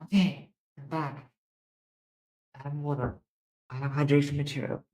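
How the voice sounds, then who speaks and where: Excitable young woman streamer. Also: low-pitched, moderate pace. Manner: chatty, excitable reactions. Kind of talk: live game stream commentary.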